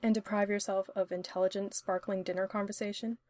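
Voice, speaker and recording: A woman voicing a sardonic, teasing young man in a spoken story reading, with wry, quick banter. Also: medium pitch, little pitch movement, a little mellow, no echo, studio quality, close to an everyday voice. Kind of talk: audiobook-style story reading.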